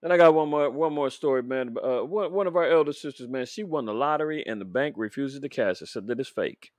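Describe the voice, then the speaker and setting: A man hosting a casual religious commentary podcast, talking straight to his audience with preachy, animated rhetorical questions. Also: medium pitch, a little fast, no room sound. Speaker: podcast host.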